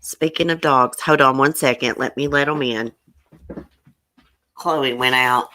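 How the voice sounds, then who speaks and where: A woman's voice: extremely low pitch, measured pace. A woman hosting a casual live stream, chatting with viewers by name and getting emotional as she talks. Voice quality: emotional, soft-hearted. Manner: chatty, greets viewers by name, says y'all.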